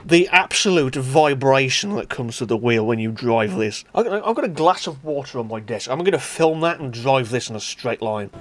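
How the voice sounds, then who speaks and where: A man giving casual, exasperated gameplay commentary as a gaming channel host, often bursting into shouts and laughter at mishaps. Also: mid-range voice, animated, normal speed, few pauses, slight background noise. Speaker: gaming YouTuber.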